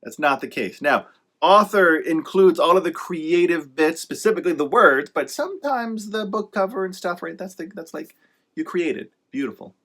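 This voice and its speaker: A man's voice: fairly high pitch, lively intonation, normal speed, a bit bright. Rambling, emphatic man with a raised voice. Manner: rambling, self-correcting and emphatic; encouraging with sarcastic asides. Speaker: author giving writing advice. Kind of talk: casual motivational monologue.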